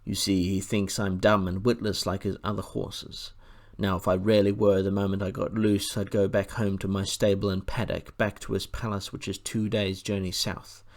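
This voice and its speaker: A proud, commanding war horse with a low, gravelly voice, as a man reads him in a storybook. He talks slowly and deliberately, with a stern, brisk authority. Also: little pitch movement, lightly acted. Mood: explaining. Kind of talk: audiobook character voice.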